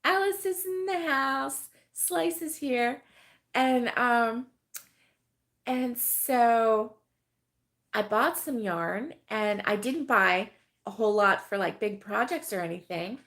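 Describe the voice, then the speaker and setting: Middle-aged woman rambling slowly at a crochet chat, kinda high voice, lots of ums and giggles. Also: a bit bright. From United States. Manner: chatty, rambling with many fillers and frequent laughs. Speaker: host of a crochet live stream. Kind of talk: casual chat reading viewer comments.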